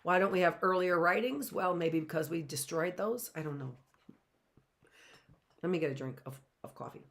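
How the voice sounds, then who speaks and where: A woman's voice: lowish voice, moderate pace, pauses often. Chatty woman teacher reading aloud. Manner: chatty, thinks aloud, often asks "right?". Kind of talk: reading aloud a book with live commentary.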